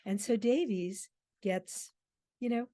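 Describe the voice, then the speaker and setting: A woman's voice: mid-range voice, slow, dark tone. A woman theatre director giving a conversational lecture on a play, breaking off to read lines aloud. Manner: conversational, with fillers and restarts, reading quotes aloud.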